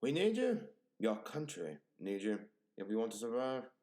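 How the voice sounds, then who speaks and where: A man's voice: lowish voice, big pitch swings, moderate pace, warm tone, reverberant. A man putting on the voice of a stern military officer recruiting someone. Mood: earnest.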